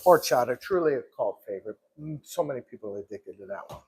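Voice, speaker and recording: A man who runs a gelato shop, chatting casually on a live stream as he works and often clearing his throat. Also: mid-range voice. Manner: chatty, talks to himself while working, clears throat often. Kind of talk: casual live-stream chat while working. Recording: clear background noise with clicks.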